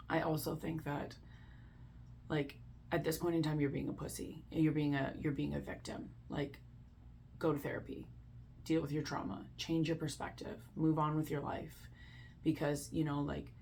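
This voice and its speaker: Low, gravelly-voiced blunt woman. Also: a little hiss or hum. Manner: blunt, opinionated, heavy use of "like". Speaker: Reddit story reader and commentator. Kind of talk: casual commentary and reading aloud.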